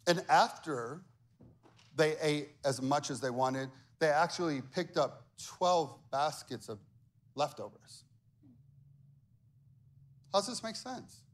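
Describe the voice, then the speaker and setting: A man preaching a sermon as pastor, animated and acting out the voices of the people he quotes. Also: high voice.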